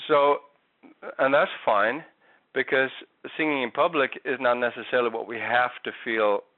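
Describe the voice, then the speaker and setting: A man's voice: on the low side, dry recording. A man giving a singing lesson, patiently explaining vocal technique with frequent restarts. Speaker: singing teacher. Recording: tinny phone-like audio.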